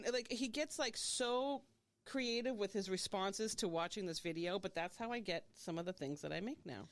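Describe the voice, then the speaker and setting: A woman hosting a podcast, chatting casually in a gushing, excitable way and swearing now and then. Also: mid-range voice, normal speed, slight background noise. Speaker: podcast host. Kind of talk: casual chat.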